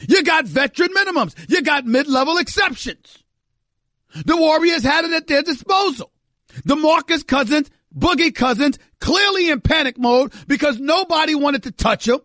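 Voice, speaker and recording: A man's voice: very high-pitched, lively intonation, normal speed, fairly bright tone, dry recording, studio quality. A man hosting a sports talk radio show, delivering an emphatic, exasperated monologue that repeats phrases for effect. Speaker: radio host.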